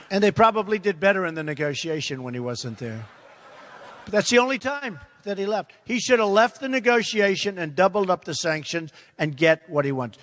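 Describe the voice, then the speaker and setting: A man in his seventies talks to a big crowd in a rambling, emphatic way, looping back to the same points. His voice sits a little high. It rings with the long reverb of a large hall. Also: fairly bright tone, a little hiss or hum. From United States. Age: 70s. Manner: emphatic, repetitive, addresses crowd as folks. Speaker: presidential candidate answering audience question. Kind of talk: rambling campaign town hall answer. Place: large indoor event hall.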